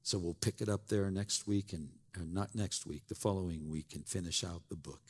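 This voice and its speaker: A man pastor preaching a sermon with dramatic storytelling, swinging between loud emphasis and hushed lines. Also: low-pitched, moderate pace, hardly any pauses, breathy edge. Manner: dramatic storytelling, voicing townspeople and Noah, sweeping emphasis.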